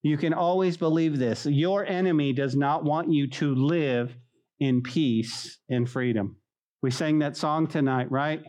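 Animated man preaching a sermon. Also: fairly high pitch, a little slow. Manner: animated, acts out quotes and inner voices. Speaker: pastor. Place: church hall.

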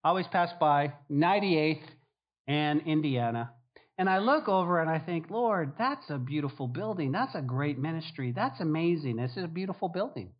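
Animated preacher, man, lo-fi sound. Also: on the high side, normal speed. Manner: animated preaching, acts out prayers and disciples in voices. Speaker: pastor. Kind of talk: sermon. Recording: dull lo-fi sound.

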